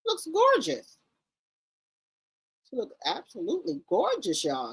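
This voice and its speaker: Animated woman hosting celebrity gossip. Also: fairly high pitch, a little slow, dry recording. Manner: loud, incredulous exclamations and blunt swearing; talks straight to her viewers. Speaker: gossip channel host. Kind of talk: casual celebrity gossip commentary.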